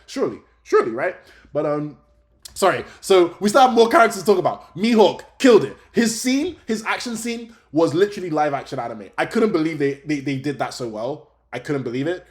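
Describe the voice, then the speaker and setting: A young adult man, chatting casually and excitably as host of a fan review talk show, often laughing. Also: a little high.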